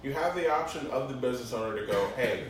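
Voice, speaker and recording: A man co-hosting a casual podcast, explaining points in a relaxed, joking way. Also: medium pitch, fast talker, recorded from a distance, slight background noise. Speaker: podcast co-host. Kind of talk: casual chat. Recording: echoey room, off-mic.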